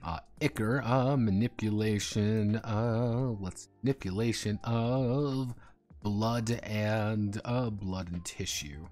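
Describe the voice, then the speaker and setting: A man streaming, chatting casually and rambling through profane, animated tangents over faint background music. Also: on the low side, slow pace. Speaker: streamer and game designer.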